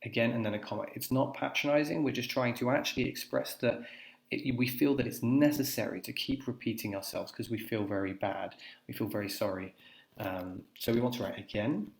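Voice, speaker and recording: A man teaching English, thinking aloud and dictating phrases slowly as he writes a letter on screen. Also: medium pitch, creaky. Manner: talks while typing, dictating phrases slowly. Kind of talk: live writing demonstration, thinking aloud. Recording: echoey room with faint noise. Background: keyboard typing.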